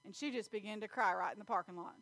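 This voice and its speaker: A woman preaching a sermon in church, telling stories and acting out scenes with loud animated bursts. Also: mid-range voice, fast, gravelly, no echo. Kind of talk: sermon with storytelling.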